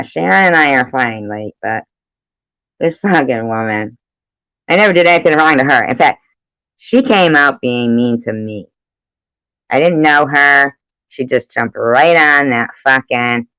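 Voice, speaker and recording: A woman's voice: extremely low pitch, fairly bright tone, no echo, rough recording. A woman chatting casually on a live stream, rambling and swearing freely, laughing often between remarks. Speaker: livestreamer.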